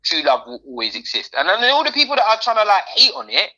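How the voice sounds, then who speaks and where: Podcast co-host, woman, animated and quick, bright slangy delivery. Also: medium pitch, lo-fi sound. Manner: slangy, animated, repeats words. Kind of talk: casual chat.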